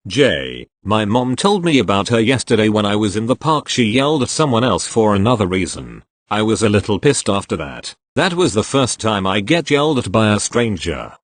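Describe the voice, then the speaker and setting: A man's voice: lowish voice, big pitch swings, moderate pace, few pauses, no room sound. A man reading online stories aloud, spelling out abbreviations letter by letter. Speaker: narrator reading online posts.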